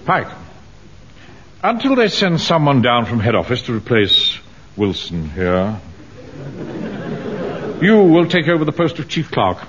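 A man's voice: mid-range voice, big pitch swings, a little slow, long pauses, a bit bright, a faint crowd. A pompous, self-important bank manager, his voice swinging widely as he lords it over his staff. The recording is dull, old radio with faint hiss. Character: pompous middle-aged male bank manager and platoon captain. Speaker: bank manager and platoon commander. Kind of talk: 1970s radio sitcom acting.

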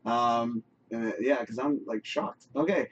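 A man hosting a casual live talk show, animated and encouraging, saying "you know" a lot. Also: mid-range voice, a little slow, lo-fi sound, slight background noise. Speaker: host. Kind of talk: casual chat.

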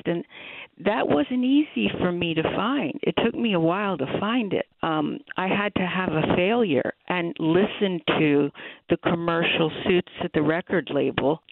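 A woman's voice: low-pitched, vocal fry, no room sound. Earnest woman on a tinny phone line. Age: middle-aged. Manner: thoughtful, earnest, with restarts. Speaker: interview guest, songwriter. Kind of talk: conversational interview.

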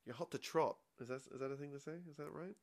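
A man guesting on a podcast in casual chat, rambling into absurd jokes with a deadpan delivery. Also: mid-range voice, quick pace.

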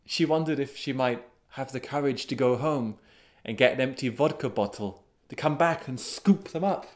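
A man telling a folk tale as a storyteller, unhurried and dramatic, with sudden swells of excitement. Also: medium pitch. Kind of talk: storytelling narration.

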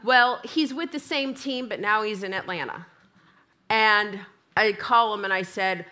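Animated woman preacher telling a story. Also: a little high, measured pace. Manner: animated storytelling, acts out both sides of dialogue. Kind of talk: sermon with a funny personal story. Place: church.

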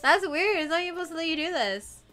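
A very high, bright, forceful voice with lively intonation rattles along quickly against soft music. It belongs to a young woman co-hosting a gaming stream, chatting casually, giggling and naming the viewers she greets.

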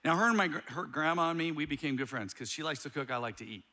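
A middle-aged man preaching a sermon as a pastor, telling a story with animated humor. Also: on the high side, quick pace.

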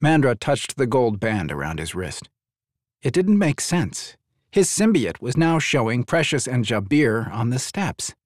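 Lively male audiobook narrator. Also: mid-range voice, a little slow, no echo, clean studio sound. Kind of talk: scripted narration.

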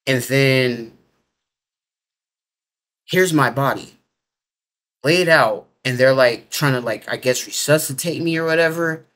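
An interview guest, a man with a mid-range, slightly bright voice, speaks slowly with long pauses. He rambles through his story casually, leaning hard on the filler "like" and informal grammar.

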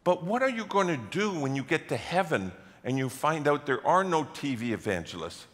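A male pastor preaching a sermon, telling stories and acting out the voices of people he quotes, building to loud, animated stretches. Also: fairly high pitch, normal speed. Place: church sanctuary. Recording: long church hall reverb.

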